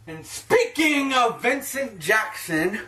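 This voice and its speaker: A man's voice: very high voice, very animated, takes it slowly, bright, forceful tone. A man ranting in a profane, self-mocking sports vlog, talking to his own camera at home. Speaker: sports vlogger.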